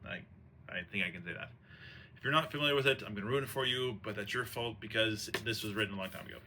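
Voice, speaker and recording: Lowish-voiced guy rambling through a story, slangy, lots of ums, bright tone. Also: quick pace, slight background noise. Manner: relaxed, rambling, slangy, with fillers and restarts. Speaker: host retelling a play. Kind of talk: casual storytelling chat.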